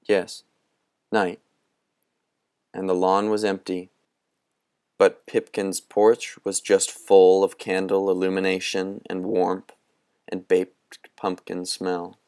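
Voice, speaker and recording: A man reading a novel aloud as a narrator, in slow, measured storytelling. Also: sits low, monotone, darkish tone, clear, resonant tone, dry recording, clean studio sound. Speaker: audiobook reader. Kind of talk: scripted narration.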